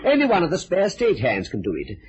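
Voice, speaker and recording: A flustered polite theatre manager. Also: male voice, on the high side, wildly swooping pitch, fast talker, noisy background. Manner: hesitant, polite, stammering. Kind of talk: 1950s radio drama acting. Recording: dull vintage radio recording.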